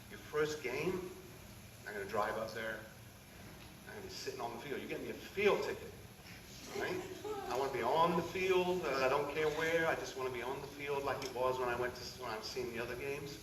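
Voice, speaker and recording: Man, goalkeeper coach, heartfelt off-the-cuff ceremony speech, mid-pitch, echoey and distant. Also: fairly quick. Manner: heartfelt, rambling, addresses her directly. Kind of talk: emotional unscripted speech. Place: school signing ceremony hall. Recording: echoey room, distant mic, audible noise.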